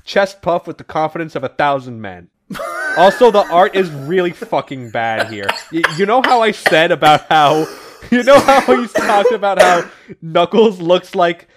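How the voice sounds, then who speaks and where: A man co-hosting a podcast, casually retelling comic book issues with animated voiced quotes and the odd swear. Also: sits high, moderate pace, background noise. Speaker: podcast co-host recapping comics. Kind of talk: casual comic recap chat.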